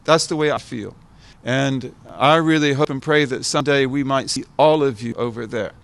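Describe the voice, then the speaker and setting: An older American man giving an informal talk to a gathered audience. He speaks reflectively, circling back and repeating key words for emphasis. His voice sits at an ordinary middle pitch. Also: normal speed, creaky. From United States. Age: 70s. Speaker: guest speaker, scholar.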